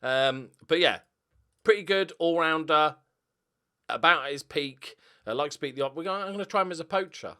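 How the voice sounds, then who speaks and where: A man's voice: fairly high pitch, brisk, sharp tone, clear, resonant tone. A young man giving casual, joking commentary on his game, swearing freely and rambling through asides. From Northern Ireland. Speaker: gaming YouTuber.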